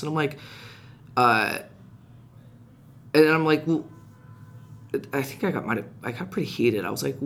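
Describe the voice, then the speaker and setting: A man telling a personal story in casual podcast chat, animated and rising in pitch when reliving heated moments. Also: moderate pace, vocal fry, long pauses. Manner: frequent restarts and fillers, conversational. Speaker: podcast guest.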